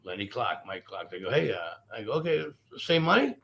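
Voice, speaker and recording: Fast-talking gravelly comedian. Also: male voice, fairly low pitch. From Boston. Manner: profane, animated, rambling anecdotes. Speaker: stand-up comedian guest. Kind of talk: casual storytelling interview.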